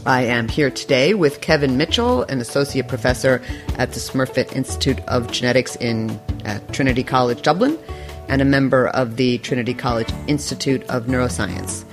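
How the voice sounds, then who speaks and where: A woman's voice: rumbling low, normal speed, over music. A woman hosting a podcast interview, speaking with enthusiasm and playful humor and laughing often. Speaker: podcast host.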